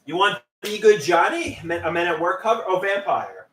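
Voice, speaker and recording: A man's voice: high voice, big pitch swings, moderate pace, bright, forceful tone, slight background noise. A man hosting a live stream, chatting casually with viewers in a playful, teasing way. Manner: playful, teasing banter with chat trolls. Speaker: livestream host. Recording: roomy echo, distant from the mic.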